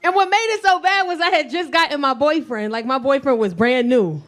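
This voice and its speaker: This stand-up comedian, a woman in her thirties, animatedly voices the characters in her profane stories before a live club audience. She speaks a little fast in a fairly high voice. The mic sits far off, giving a roomy sound under the audience's laughter.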